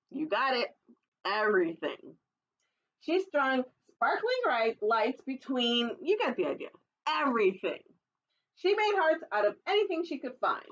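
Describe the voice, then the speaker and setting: In a muffled recording, a woman librarian with a slightly bright voice reads a picture book to children at storytime. Her asides to the young listeners are playful and chatty, and she does squeaky animal calls.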